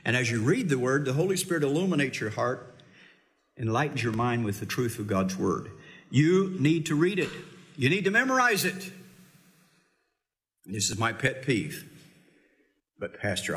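A man's voice: mid-range voice, big pitch swings, moderate pace, long pauses, a bit bright. A middle-aged male pastor preaching a sermon in a folksy, teasing, emphatic way.

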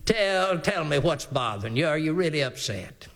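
A man's voice: on the high side, lively intonation, moderate pace, creaky, a bit bright, pitched below the performer's own voice. A man voicing a sweet-talking scheming queen who coaxes her sulking husband. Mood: coaxing.

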